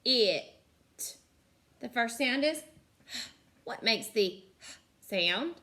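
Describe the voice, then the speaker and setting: A woman teacher leading a slow phonics lesson for young children, sounding out words carefully and praising the class. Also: medium pitch, pushed and bright.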